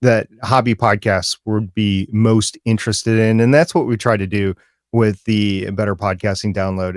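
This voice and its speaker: A man's voice: lowish voice, no echo, studio quality. A man co-hosting a live podcast chat, explaining news in a wry, casual way. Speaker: podcast co-host.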